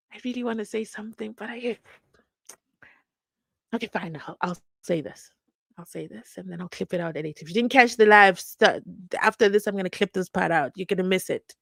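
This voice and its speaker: A woman's voice: on the low side, gravelly, no echo. A woman hosting a live stream in casual chat, reacting animatedly to viewer comments. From South Africa.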